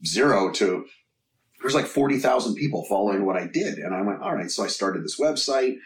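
A man's voice: lowish voice, expressive, brisk, far from the mic. A man telling his story as a podcast guest in a frank, casual way, swearing freely. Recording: roomy sound from off the mic.

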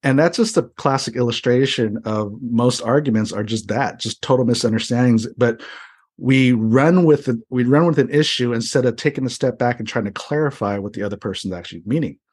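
A man from the United States telling a story as an interview guest, chatty and animated. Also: mid-range voice, a little fast, husky. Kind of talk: casual storytelling.

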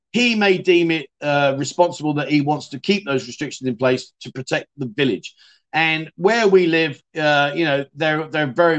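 A man hosting a casual livestream from Thailand, chatting with viewers and telling stories in a friendly way. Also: fairly high pitch. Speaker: livestream host. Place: home in Thailand.

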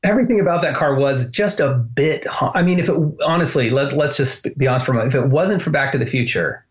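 A man's voice: mid-range voice, fast talker. Man telling stories, lo-fi line. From United States. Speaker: guest, animator. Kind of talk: podcast interview.

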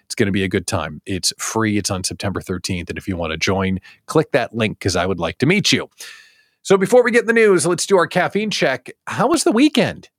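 A man's voice: on the low side, a little fast, no room sound, studio quality. A middle-aged man hosting a live show, talking to his viewers in a playful, upbeat way. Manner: playful, animated, talks straight to viewers. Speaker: host of a daily live small business show. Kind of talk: upbeat live-stream talk.

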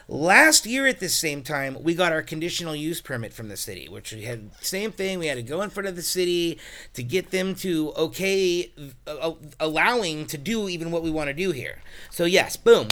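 A man hosting a casual podcast chat, excitable and jokey. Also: a little high, a little fast. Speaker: podcast host, distillery owner.

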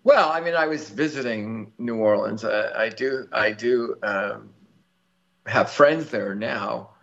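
Chatty man with a gravelly voice. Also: fairly low pitch, slow pace, fairly bright tone, lo-fi sound. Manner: rambling, chatty, with many fillers and restarts; laughs easily. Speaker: lottery winner guest. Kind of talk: casual storytelling interview.

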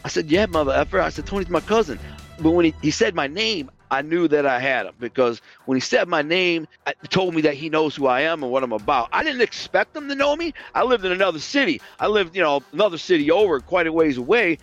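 Speaking a little fast with lively intonation, this man has a voice on the high side, captured in lo-fi sound with faint music in the background. He recounts his past in casual, streetwise fashion, swearing and re-enacting other people's words.

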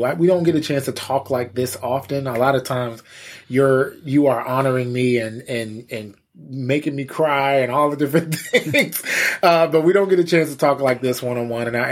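A man, a pastor appearing as a podcast guest, talks in an earnest, heartfelt way. He often stumbles and repeats words as he gathers his thoughts, at an ordinary pitch. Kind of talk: casual faith podcast chat.

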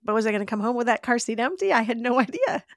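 An adoptive mother, appearing as a podcast guest, shares her faith testimony about adopting her baby, heartfelt and emotional and laughing often along the way. Her fairly high voice has lively intonation and she talks very fast. The studio sound is clean with no echo.

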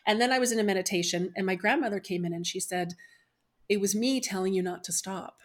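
A woman's voice: medium pitch, fairly quick. A middle-aged woman, a spiritual medium, earnestly and emotionally telling a personal story as a podcast guest. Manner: earnest, emotional retelling with quoted voices.

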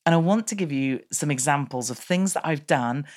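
A British woman with a notably low voice tells a personal story in a candid, animated way, her delivery moving in quick bursts. She speaks as a business coach in her thirties. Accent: British English.

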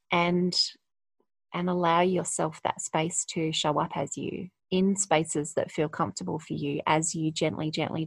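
Gravelly-voiced woman, candid and reflective. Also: low-pitched, dry recording. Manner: candid, reflective, laughs often. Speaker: podcast guest, coach. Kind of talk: casual conversation.

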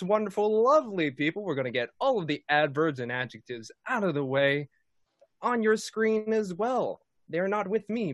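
A man's voice: sits high, a bit bright, no room sound, clean studio sound. A man hosting and running a tabletop game stream in a casual, jokey, playful way. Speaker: dungeon master and host. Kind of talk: casual live-stream chat.

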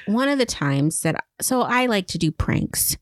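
A woman's voice: medium pitch, very animated, measured pace, no room sound, studio quality. A woman in her forties co-hosting a podcast, telling a story in a laid-back, wry way and laughing at herself. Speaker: podcast co-host. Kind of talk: casual storytelling chat.

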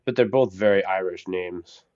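A man with a low voice talks hesitantly, pausing on fillers as he chats with friends on a stream. His audio is muffled and lo-fi. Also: a little mellow. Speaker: stream co-host. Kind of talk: casual chat.

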